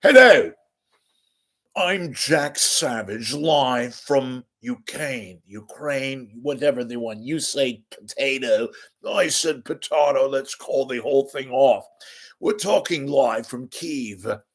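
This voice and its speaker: A man putting on a self-important foreign correspondent with a mock British accent, reporting in slow, grave, measured phrases. The voice sits a little higher than an everyday speaking voice and sounds deliberately dignified. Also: animated, fairly bright tone. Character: pompous fake British male war correspondent.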